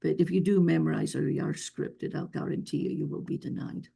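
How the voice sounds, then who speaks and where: Speaking briskly with fairly even intonation, this woman's low-sitting voice has vocal fry, a husky quality, and a warm tone. A visa expert with a noticeable non-local accent, she gives earnest, emphatic answers during a webinar Q&A held over a video call.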